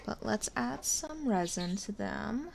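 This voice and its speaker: A woman with a strongly gravelly, fry-heavy voice talks through her craft project in a relaxed, chatty way. She narrates each step as she works, casual and unscripted, at a middling pitch. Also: slow pace, a little hiss or hum. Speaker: resin artist.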